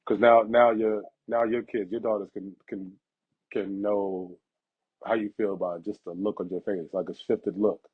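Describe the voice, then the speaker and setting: Podcast host, young man, husky, lively storyteller, muffled lo-fi sound. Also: unhurried. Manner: animated, laughs through stories, acts out quotes in a higher voice. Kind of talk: casual storytelling chat. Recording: dull lo-fi sound.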